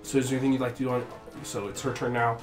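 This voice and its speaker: A man narrating as game master in a tabletop game, pausing often with fillers. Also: medium pitch, level tone, reverberant, over music. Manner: halting, hesitant, many fillers.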